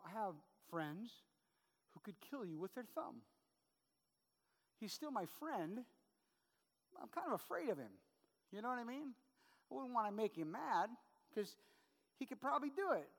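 A middle-aged man preaching a sermon as pastor, conversational and full of quick "right?" asides to the congregation. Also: extremely high pitch, fairly bright tone, in a large hall.

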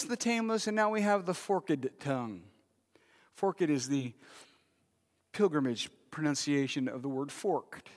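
High-voiced pastor preaching in a hall. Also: male voice, a bit bright. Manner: conversational preaching with rhetorical questions. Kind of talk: sermon. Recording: long hall reverb.

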